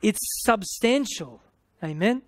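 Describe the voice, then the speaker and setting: Australian male preacher, high voice, exclamatory, close dry recording. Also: expressive, slow pace, no room sound. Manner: exclamatory, punctuating with hallelujah and amen; playful, paraphrasing scripture in everyday speech. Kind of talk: sermon teaching.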